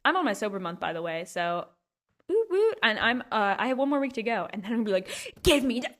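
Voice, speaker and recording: A woman's voice: medium pitch, animated, quick pace, a bit bright. A young woman hosting a podcast, rambling through a goofy, self-mocking comedic monologue. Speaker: podcast host.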